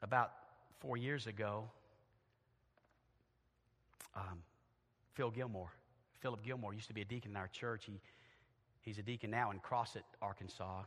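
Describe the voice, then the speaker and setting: A middle-aged man preaching a sermon as pastor in a church, moving from quiet, intimate asides to loud, shouted emphasis. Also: fairly low pitch, fairly even intonation, moderate pace, long pauses. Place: church sanctuary. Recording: long church reverb.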